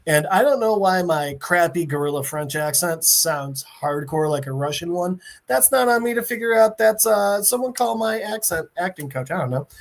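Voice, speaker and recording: A man hosting a podcast, animated and laughing as he casually retells a comic issue, swearing freely. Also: sits high, normal speed, creaky, few pauses. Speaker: podcast host.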